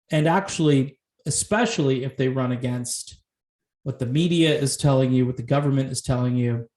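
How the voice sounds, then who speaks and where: A man's voice: a little high, a little mellow, reverberant. A man hosting his own music commentary channel, talking casually and animatedly, laughing often and throwing in rhetorical asides.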